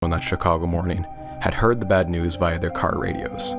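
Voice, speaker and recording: Male documentary narrator, lowish voice, measured and dry, over music. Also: steady tone. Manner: measured storytelling with dry humor. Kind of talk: scripted narration.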